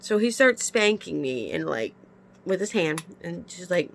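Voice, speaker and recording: A woman vlogs confessionally, venting frankly and emotionally with frequent sighs, her nose stuffy from crying. Her voice is on the low side and creaky, with big pitch swings and a slightly slow pace.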